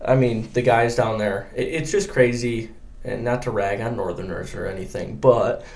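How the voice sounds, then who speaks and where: Young man telling a lively story. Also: on the low side, moderate pace, gravelly. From Michigan. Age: young adult. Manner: animated storyteller, acts out quotes. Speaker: guest angler. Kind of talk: casual storytelling.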